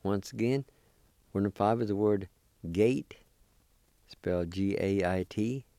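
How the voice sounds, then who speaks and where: This Oklahoma radio teacher has a warm, lowish voice and a measured pace, recorded without echo. His slow language lesson has him patiently spelling words letter by letter and repeating every syllable.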